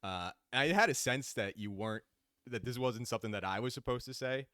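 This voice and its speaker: A man recalling childhood in a relaxed, halting way on a comedy podcast. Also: medium pitch, clean tone, dry recording, clean studio sound. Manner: laid-back, hesitant recollection with fillers. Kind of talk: casual comedy podcast chat.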